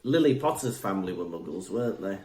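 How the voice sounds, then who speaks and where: A man's voice: deep voice, quick pace, echoey room, over a noisy crowd. A man co-hosting a podcast, chatting casually and laughing a lot. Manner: giggly, jokey, animated. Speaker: podcast co-host. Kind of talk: casual chat.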